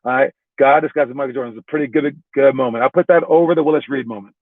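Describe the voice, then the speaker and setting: A man's voice: medium pitch, rapid-fire, dry recording. A man working as a basketball trainer, casually explaining drills with loose, talky delivery, frequent restarts and repeated "all right"s. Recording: tinny phone-like dry sound.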